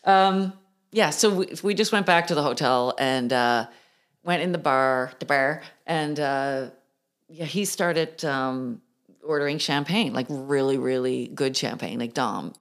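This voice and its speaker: A middle-aged woman, telling an animated story as a guest and laughing often. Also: a bass voice, a little slow. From Newfoundland, Canada. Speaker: guest musician. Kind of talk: casual storytelling.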